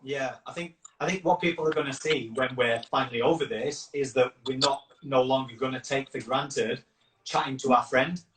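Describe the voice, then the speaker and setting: A man hosting a live video call, earnest and rambling, circling back to restart his thoughts. His voice is mid-pitched and sounds set back from the mic in a roomy space. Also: steady tone, moderate pace, a bit bright, a little hiss or hum. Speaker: campaign founder and host. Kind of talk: casual live chat. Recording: roomy echo, distant from the mic.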